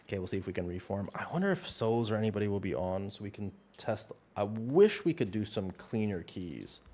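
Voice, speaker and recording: A man streaming a game, calmly talking through his play and chatting with viewers in a relaxed, thinking-aloud way. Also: on the low side, a little fast. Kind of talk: live gameplay commentary and casual chat.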